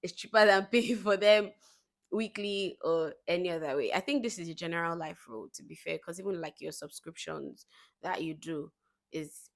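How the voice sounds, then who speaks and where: A woman's voice: on the low side, normal speed, creaky. A young woman vlogging in a casual chat to the camera, telling stories with laughing asides. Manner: chatty storytelling with laughing asides.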